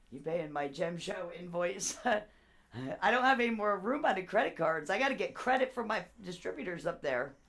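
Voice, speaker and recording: A woman's voice: on the low side, expressive, normal speed, creaky, a bit bright. A woman chatting loosely with viewers on her live stream as a seller. She rambles from one thing to the next and laughs often as she talks.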